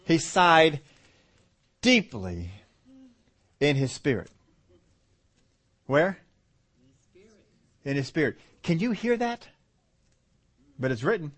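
Preaching man, fairly high voice. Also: slow, pauses often. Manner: lively preaching, rhetorical questions to the congregation. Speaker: pastor. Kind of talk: sermon.

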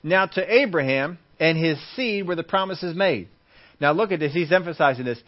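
A man's voice: on the high side, moderate pace. A man preaching a Bible teaching sermon, acting out everyday scenes and repeating his points for emphasis. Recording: muffled lo-fi recording.

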